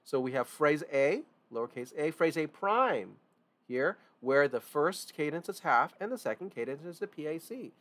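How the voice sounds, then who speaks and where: In a loose online lesson on music theory, a man speaks at normal speed in an animated, slightly bright voice pitched on the high side. He hammers key points through repetition and often starts his sentences over.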